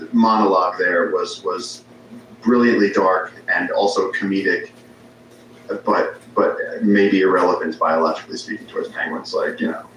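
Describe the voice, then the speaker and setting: In a very echoey space with faint ambient noise, a male podcast guest chats casually and rambles through anecdotes, frequently starting sentences over. His voice is low with a fairly bright tone.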